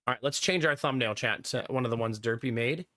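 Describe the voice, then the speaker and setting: A man livestreaming and chatting casually with his viewers, laughing often and teasing, his voice gruff from being sick. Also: medium pitch, quick pace, fairly bright tone, no echo, studio quality.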